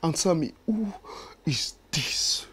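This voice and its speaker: An actor playing a heartbroken young man who accuses his bride-to-be of deceit, tearful and shouting. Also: high voice, big pitch swings, unhurried, heavily acted. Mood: tearful accusing. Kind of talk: Nollywood film drama acting.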